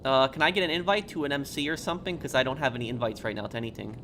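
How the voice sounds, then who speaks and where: A man's voice: mid-range voice, slight background noise. Tired, easygoing male game streamer. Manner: relaxed, halting, chatty. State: a little tired. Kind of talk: live stream chat, answering viewers.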